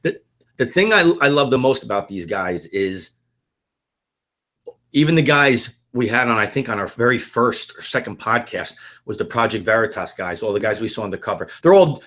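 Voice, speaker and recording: A man's voice: medium pitch, a bit bright. A man co-hosting a political podcast, ranting bluntly and swearing often in casual talk. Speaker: podcast co-host.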